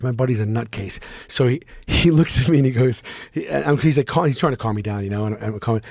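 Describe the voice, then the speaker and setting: A man on a podcast telling a story casually, animated and profane, often restarting his sentences. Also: mid-range voice, fast talker, gravelly, no room sound. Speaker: podcast guest.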